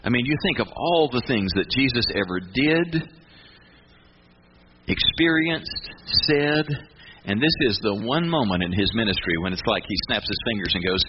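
Male pastor, casual and emphatic, mid pitch; dull, hissy recording. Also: moderate pace. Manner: conversational, emphatic, folksy. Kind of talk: sermon. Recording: muffled with steady hiss.

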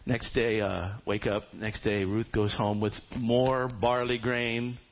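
A male pastor telling a story in a casual, humorous and animated sermon in a church. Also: lowish voice, takes it slowly, lo-fi sound.

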